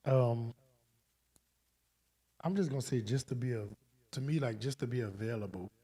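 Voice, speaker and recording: Animated man telling a funny story. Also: medium pitch, moderate pace, breathy edge. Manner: animated storyteller who acts out quoted voices. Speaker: Bible study participant. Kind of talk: humorous personal story.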